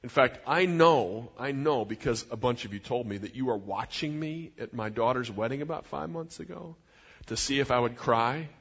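A man's voice: mid-range voice, normal speed, a bit bright, slightly rough. A middle-aged man preaching a sermon as a pastor, in an earnest, conversational way with personal asides. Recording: dull sound in a reverberant hall.

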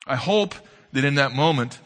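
A man preaching a sermon as an earnest storyteller, swinging between loud emphasis and soft, low asides. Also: animated, normal speed. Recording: long hall reverb.

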